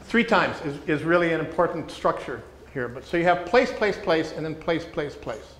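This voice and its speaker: Man, slightly high voice, teaching a group, emphatic repetition, roomy echo. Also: lively intonation, a bit bright. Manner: deliberate, repeats words for emphasis, asks questions of the room. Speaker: teacher leading a workshop for pastors. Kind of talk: teaching a group on reading scripture. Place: room with a small group listening. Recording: echoey room with faint ambience.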